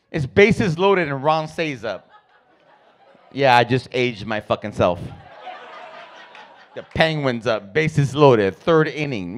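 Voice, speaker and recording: A man's voice: on the high side, sing-song, unhurried. A man doing stand-up comedy, telling profane family stories and acting out his relatives. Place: comedy club stage.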